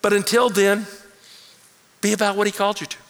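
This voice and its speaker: Man, pastor, sermon, gravelly, long hall reverb. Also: high voice, fairly quick. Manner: animated, acts out quoted voices.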